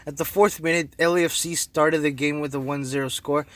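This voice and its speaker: A man's voice: a little high, steady tone, fairly quick, fairly bright tone, no room sound. A young man co-hosting a casual soccer podcast, brash and trash-talking as he recaps the match. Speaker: co-host.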